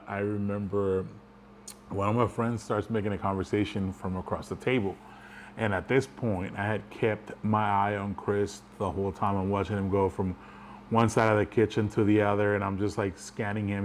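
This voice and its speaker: Man, lowish voice, casual storytelling, rambling and chuckling, faint background hum. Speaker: vlogger.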